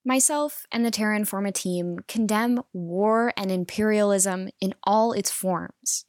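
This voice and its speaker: A woman presenting a scripted news commentary in a measured, explanatory way. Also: mid-range voice.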